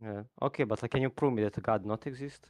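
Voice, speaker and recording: A man calling into a debate who speaks in a halting, repetitive way with broken phrasing. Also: lowish voice, darkish tone, slight background noise. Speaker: caller. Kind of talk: casual debate call.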